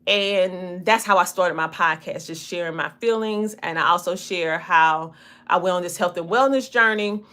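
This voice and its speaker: A woman's voice: lowish voice, normal speed, fairly bright tone. A woman in her forties with a Southern US twang, a podcast host and coach talking casually to viewers, her words drawn out and looping, often laughing. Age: 40s. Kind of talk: casual livestream talk to viewers.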